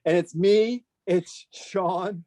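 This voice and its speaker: A man in his fifties, a guest telling a lively anecdote over a video call, laughing and acting out the voices in his story. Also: high voice, extremely slow, no echo. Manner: laughing, animated retelling with quoted voices. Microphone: video call microphone.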